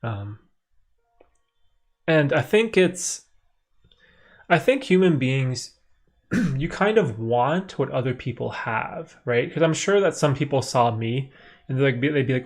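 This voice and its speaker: A man's voice: mid-range voice, animated, unhurried, pauses often. A young man from Canada hosting a casual live stream, answering viewer questions in a rambling way with many fillers and restarts.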